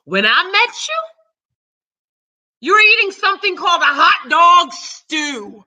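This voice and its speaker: A woman hosting her own live stream, ranting loudly and cursing heavily in casual talk. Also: extremely high pitch, big pitch swings, measured pace, low-quality recording. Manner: loud, profane, heated. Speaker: channel host.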